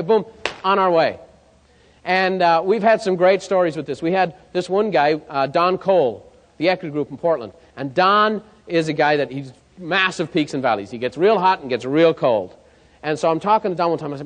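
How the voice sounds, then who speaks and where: A fairly high-voiced man works a seminar crowd as a sales coach. He tells lively stories and keeps checking that his audience follows. His voice rings out with the long reverb of a hall. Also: moderate pace. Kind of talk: live seminar talk.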